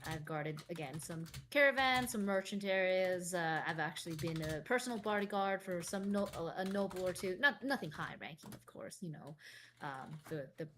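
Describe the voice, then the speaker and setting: A woman's voice: on the low side, expressive, normal speed, a bit bright, slight background noise. A woman playing a hesitant, weary wandering ex-bodyguard. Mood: polite. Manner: hesitant, rambling, polite. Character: weary drifting former bodyguard traveler. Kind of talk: tabletop role-play in character.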